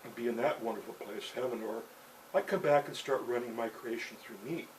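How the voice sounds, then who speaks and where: A man's voice: medium pitch, fairly quick, far from the mic, a little hiss or hum, low-quality recording. A man telling a rambling personal story in a loose, chatty way, dropping "you know" and chuckles between lines.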